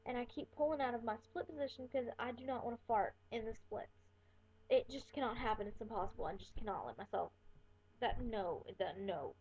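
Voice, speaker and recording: A young woman rambles through a personal story with a fairly high voice and plenty of fillers. The sound is thin and tinny, as if heard over a phone line. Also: a little fast, a little mellow, slightly rough. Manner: rambling, chatty, many fillers. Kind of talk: casual storytelling vlog. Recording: tinny phone-like webcam audio.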